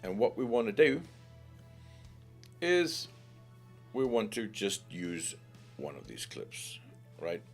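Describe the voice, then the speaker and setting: A man hosting a software tutorial in a chatty, playful way, full of jokey asides and calling the viewer mate and love. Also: fairly low pitch, big pitch swings, slow, pauses often, faint music behind. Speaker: tutorial host. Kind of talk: screen-recorded software tutorial.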